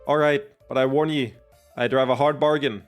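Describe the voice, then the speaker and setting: A sly dwarf trader with a folksy, put-on brogue, voiced by a man reading a game aloud. The voice stays close to an everyday pitch, with a faint bed of music underneath. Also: steady tone, moderate pace, close to an everyday voice.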